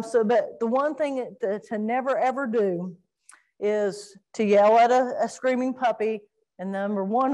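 A middle-aged woman giving an informal talk on training dogs, animated and acting out crying puppies and fussing owners. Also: on the high side. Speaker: dog training presenter.

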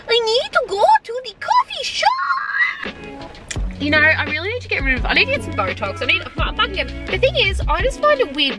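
A young woman talks straight to her viewers in a loose, rambling way, giggling often and swearing freely. Her voice sits high and swings up and down a great deal. Music plays clearly behind her. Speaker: vlogger. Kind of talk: casual vlog chat.

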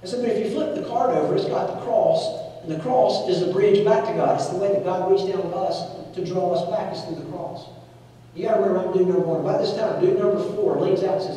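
A man's voice: high-pitched, fast. A man in his forties preaching a sermon and telling a story, acting out the voices of the people in it. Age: 40s. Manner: animated, acts out voices in his stories. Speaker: pastor. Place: church sanctuary. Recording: echoey church hall, mic at a distance.

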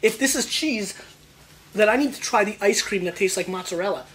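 Excitable man hosting a wine show. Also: high voice, a little fast, slight background noise. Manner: excitable, playful and slangy, riffs on flavors. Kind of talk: casual wine tasting review.

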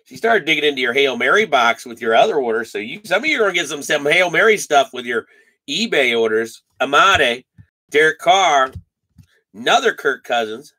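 A man's voice: a little high, animated, normal speed, bright, forceful tone. A man hosting a live card break stream, chatting casually, reading off names and teasing his viewers.

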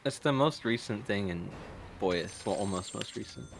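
Lively man in casual gaming chat. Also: fairly low pitch, moderate pace, gravelly, slight background noise. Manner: animated, swearing, teasing. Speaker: streamer.

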